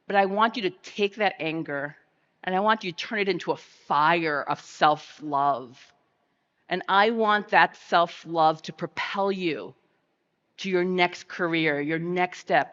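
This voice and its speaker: Middle-aged woman, keynote speaker, impassioned and forceful, mid pitch, a little dull on the stage mic. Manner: impassioned, building to forceful calls. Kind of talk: conference keynote speech. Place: large conference hall stage.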